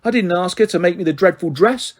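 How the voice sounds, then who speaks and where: A man voicing a defiant, sharp-tongued young runaway girl. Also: high-pitched, a little fast. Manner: defiant, scornful.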